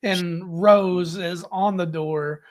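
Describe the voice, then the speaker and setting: High-voiced man, dry and relaxed. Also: slow. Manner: relaxed, brief replies and dry jokes. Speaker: podcast co-host. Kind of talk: casual chat.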